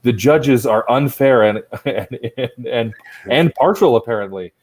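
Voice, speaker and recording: A man's voice: medium pitch, measured pace, a little mellow, low-quality recording. A man hosting and judging an online improv competition from home over a laptop, chatting loosely, rambling and teasing the players with mock-strict rulings. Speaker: improv show host and judge. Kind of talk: casual comedic emceeing.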